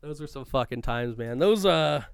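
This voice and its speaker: A man's voice: medium pitch, animated, normal speed, creaky, smooth. A man in casual chat, recalling school days with a rambling, profane manner and frequent laughs. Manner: stops to look things up mid-talk. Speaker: co-host reminiscing about school days.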